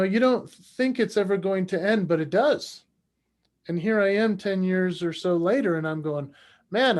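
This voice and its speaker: A man in his forties, a podcast guest, telling an animated personal story and acting out the voices in it. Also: sits high. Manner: acts out voices in his stories.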